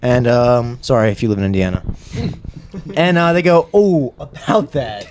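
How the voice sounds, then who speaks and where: At a moderate pace and in a mid-range voice, this young adult podcast guest spins a lengthy tale. He's lively and pokes fun at himself, performing the quoted lines of the characters as he goes.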